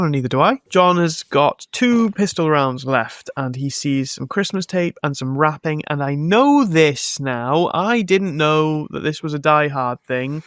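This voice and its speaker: A man's voice: fairly high pitch, no echo. Man, podcast host, sarcastic, swears casually, dead-dry close mic. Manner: animated, sarcastic, laughs often, swears casually. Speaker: podcast host reviewing a film. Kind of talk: casual chat.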